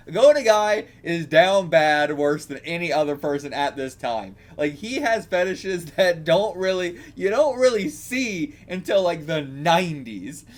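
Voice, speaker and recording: A man reacting to a manga, rambling casually, swearing and laughing as he reads. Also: a little high.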